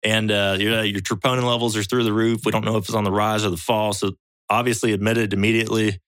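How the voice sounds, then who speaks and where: A man's voice: on the low side, flat delivery, fast talker, a bit bright, no echo. Blunt, profane man telling a story. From United States. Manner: blunt and profane, quotes others as he tells it. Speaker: podcast guest. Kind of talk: casual storytelling.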